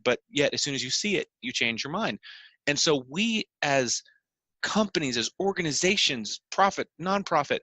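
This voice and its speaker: Earnest man, bright dry voice. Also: on the high side, animated, moderate pace, no echo. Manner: earnest, builds points through repetition. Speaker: podcast co-host. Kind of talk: explaining with examples.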